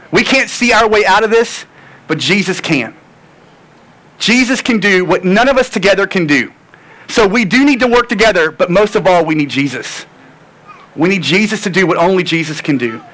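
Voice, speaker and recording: A man's voice: sits high, animated, moderate pace, pauses often, fairly bright tone, low-quality recording. A man preaching a sermon, earnest and tired, repeating phrases for emphasis. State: tired and sore. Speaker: pastor.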